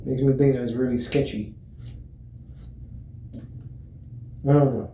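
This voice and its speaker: A man talking casually to his viewers in a relaxed, rambling way, full of fillers and restarts. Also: medium pitch, takes it slowly, reverberant, a little hiss or hum, rough recording. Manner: relaxed, friendly greetings. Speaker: vlogger. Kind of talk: casual chat to camera.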